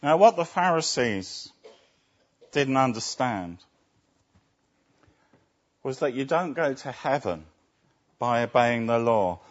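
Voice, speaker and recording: A man's voice: mid-range voice, sing-song, slow pace, long pauses. A man preaching a sermon, often asking his listeners rhetorical tag questions. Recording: dull lo-fi recording.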